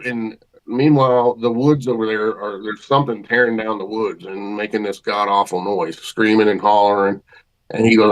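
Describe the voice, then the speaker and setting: A man with a fairly low voice spins a story in plain, folksy speech. He talks casually, as a guest on a chat show, and piles on colloquial phrasing and lively detail. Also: rough recording. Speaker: podcast guest.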